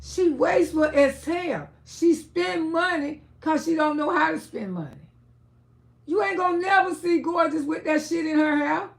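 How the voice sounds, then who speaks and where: A woman's voice: very high voice, normal speed, vocal fry. An older woman hosting a live stream, giving blunt, scolding commentary and swearing freely. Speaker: livestream host.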